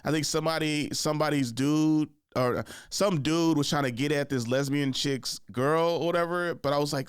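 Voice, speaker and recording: A man's voice: a little high, steady tone, moderate pace, few pauses, clean tone, no room sound, clean studio sound. A man hosting a podcast, telling a story casually in a loose, rambling way with many fillers. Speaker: podcast host.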